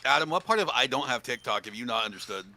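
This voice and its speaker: Lively, very bright-voiced man joking around. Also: mid-range voice, quick pace, gravelly, faint music behind. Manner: playful, jokey, swears freely. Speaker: streamer. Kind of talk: casual chat while gaming.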